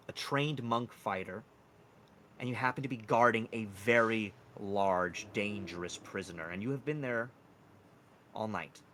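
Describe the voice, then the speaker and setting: Bright-voiced man running a tabletop game. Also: medium pitch, a little hiss or hum. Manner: descriptive, casual narration. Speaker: game master.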